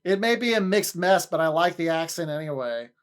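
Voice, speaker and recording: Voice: medium pitch, expressive, a little fast, clean tone. A livestreamer in casual chat with viewers, rambling, often repeating and restarting words, and laughing easily.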